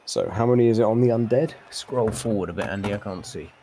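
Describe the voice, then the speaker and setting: A man's voice: fairly low pitch, fast, warm tone, slight background noise. A young man casually commentating a tabletop sports video game live, chatty and full of fillers and repeats. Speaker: game caster.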